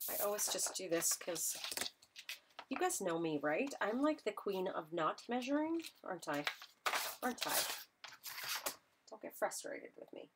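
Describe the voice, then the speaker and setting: A woman's voice: medium pitch, sing-song, normal speed, very noisy. A woman instructor chatting to viewers while she demonstrates a live craft project, joking about herself as she works. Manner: chatty, self-deprecating, talks to viewers while working.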